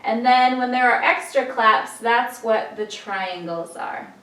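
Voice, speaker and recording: Taking it slowly, a woman with a slightly high voice guides listeners through a rhythmic chant in a memory lesson. Her classroom-style teaching is patient and encouraging, while the recording is echoey, distant-miked, and noisy.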